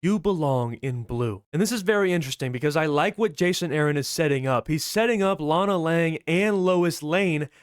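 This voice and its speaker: A man's voice: on the high side, fairly quick, hardly any pauses, clean tone, no echo, studio quality. A man from the US Midwest recapping and reviewing a comic book in a casual, enthusiastic way.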